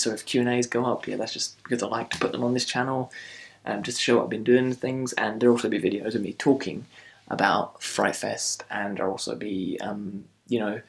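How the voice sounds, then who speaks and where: A man's voice: medium pitch, gravelly. A man reviewing a film in a casual, rambling video. He rants and repeats himself a lot. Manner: rambling, repetitive ranting.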